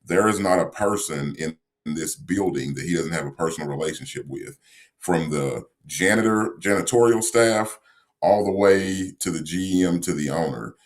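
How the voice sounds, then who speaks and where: A man co-hosting a sports podcast, talking in a measured, reflective way with frequent fillers. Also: sits low. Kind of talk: casual sports analysis.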